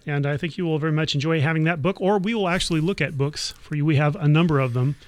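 A woman hosting a public affairs radio show, pitching a pledge drive and the news in a measured, halting way. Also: darkish tone, dry recording. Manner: measured, halting, with many fillers. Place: radio studio.

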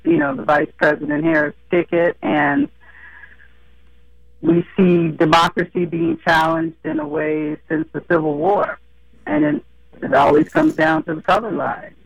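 Gravelly-voiced woman calling in, hoarse. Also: on the low side, very animated, measured pace, no echo. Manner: outspoken, emphatic. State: morning voice, hoarse. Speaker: caller. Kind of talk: phone-in commentary. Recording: dull lo-fi phone line.

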